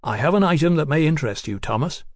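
Man doing a gruff hearty explorer, booming a bit, dry close recording. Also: lively intonation, fast talker, dry recording. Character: gruff, hearty male explorer-scientist, middle-aged.

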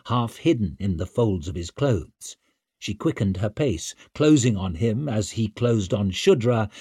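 A man reading a novel aloud as narrator, in a measured, tense manner. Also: medium pitch, a little mellow, husky, no echo, clean studio sound. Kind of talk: scripted audiobook narration.

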